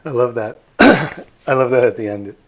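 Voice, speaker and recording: A man's voice: medium pitch, a little slow. A man tour guide giving a live online virtual tour, chatty and self-deprecating with plenty of fillers.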